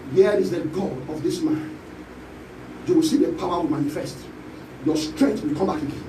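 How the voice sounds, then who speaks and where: High-voiced Nigerian preacher, echoey hall. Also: male voice, far from the mic, slight background noise. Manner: preaching with sweeping pitch and shouted calls. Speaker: pastor. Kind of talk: sermon. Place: church hall. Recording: echoey church hall, voice from off-mic.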